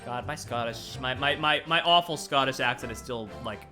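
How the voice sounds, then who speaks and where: A man's voice: mid-range voice, moderate pace, pushed and bright, faint music behind. A man streaming a video game, making casual, self-deprecating asides about his own character voices. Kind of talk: casual let's play commentary.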